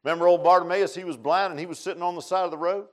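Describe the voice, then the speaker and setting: A man preaching a sermon in a folksy way, swinging between quiet asides and loud exhortation. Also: high-pitched, fairly even intonation, very fast. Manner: repeats "I'm gonna tell you what" and "man", asks "huh?".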